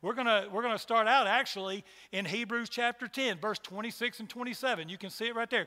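A man's voice: sits high, fast, few pauses, sharp tone, big-room sound. A man preaching a sermon to a church congregation, emphatic and repeating his rhetorical questions. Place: church hall.

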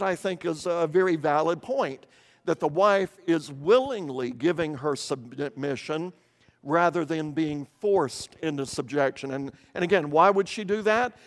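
A man's voice: fairly high pitch, in a large hall. An older man from eastern Kentucky preaching a sermon, explaining scripture earnestly and often repeating words as he restarts.

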